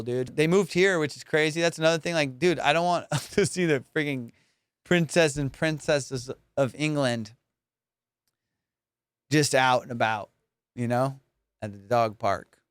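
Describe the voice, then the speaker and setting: A male podcast host with a fairly high, smooth, clear voice rambles loosely through a casual comedy chat. He swears freely and laughs often as he talks. He is recorded close on a dry studio mic. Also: normal speed, a bit bright, dry recording.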